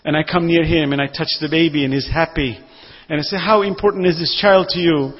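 Male preacher, high husky voice, impassioned sermon delivery, muffled recording with hall reverb. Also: steady tone. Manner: impassioned, slows and rises to shouts at climaxes. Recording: dull, echoey hall recording.

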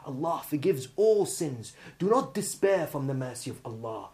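Man giving a heartfelt sermon, gets loud and urgent then goes real quiet, chants prayers in between. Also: fairly high pitch, sing-song, moderate pace, few pauses. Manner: swings between loud urgent emphasis and quiet, hushed delivery; intersperses melodic chanted supplications. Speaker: preacher. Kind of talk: emotional religious sermon.

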